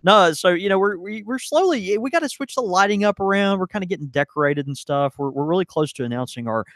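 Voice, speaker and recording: Brief: laid-back, rambling male podcast co-host, lively pitch, dry mic. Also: fast talker, dry recording. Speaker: podcast co-host and shop owner. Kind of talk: casual live podcast banter. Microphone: studio mic.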